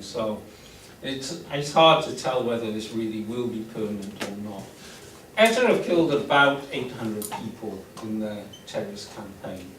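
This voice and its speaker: A man lecturing to a class, explaining step by step, with frequent restarts and fillers. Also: medium pitch. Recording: roomy classroom audio, recorded from a distance with faint noise.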